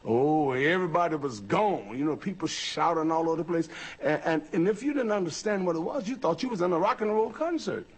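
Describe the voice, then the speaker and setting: A man's voice: fairly high pitch, fairly quick, few pauses, slightly rough. Older man telling stories animatedly. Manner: animated storytelling, imitating shouts and howls. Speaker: interviewee. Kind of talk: documentary interview.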